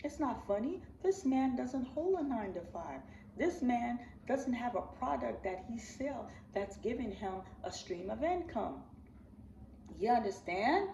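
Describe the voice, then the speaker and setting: A woman's voice: a little high, sing-song, unhurried, vocal fry, mellow, a little hiss or hum. A woman vlogger speaking with raw, repetitive intensity, calling her viewers family and pleading with them. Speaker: channel host. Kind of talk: emotional direct-to-camera vlog. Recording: roomy, distant, slightly dull sound.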